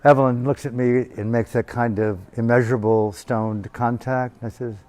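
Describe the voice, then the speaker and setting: A man teaching a meditation retreat, telling a family story in an animated, profane way into a handheld microphone. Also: medium pitch, moderate pace. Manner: animated, profane, acting out voices. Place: retreat hall.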